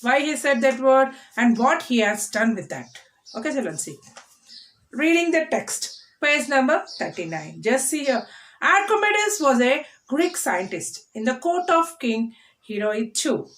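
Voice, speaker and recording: A woman teacher explaining a lesson to children, repeating words slowly for them to copy. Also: high voice, sing-song, a bit bright.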